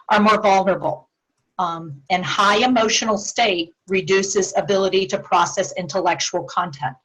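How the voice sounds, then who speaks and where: A woman's voice: medium pitch, a bit bright, low-quality recording. Earnest woman teaching dementia care. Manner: earnest, acts out sample phrases with shifting tone. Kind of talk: presentation to a support group.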